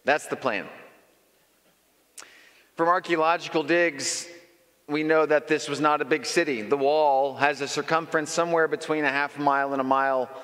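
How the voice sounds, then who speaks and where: A man preaching a sermon in a lively, conversational storytelling manner. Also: fairly high pitch. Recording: long reverb in a large hall.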